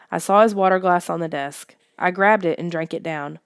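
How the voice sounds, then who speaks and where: A woman reading a first-person story aloud in steady, even narration. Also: on the low side, normal speed, clear, resonant tone, no echo, studio quality. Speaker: audiobook reader.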